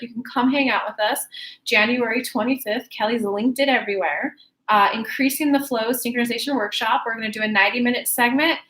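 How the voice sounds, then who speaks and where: A woman leading a spiritual livestream, talking in a lively, chatty way. Her voice sits somewhat high and rings in an echoey room. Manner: lively, chatty, speaks of herself by name. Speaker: spiritual channeler hosting a livestream. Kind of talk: animated channeled talk and storytelling.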